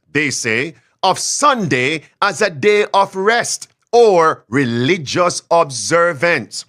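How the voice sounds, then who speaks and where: A man preaching a sermon with emphasis, repeating phrases and swinging between loud declarations and quiet asides. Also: fairly high pitch.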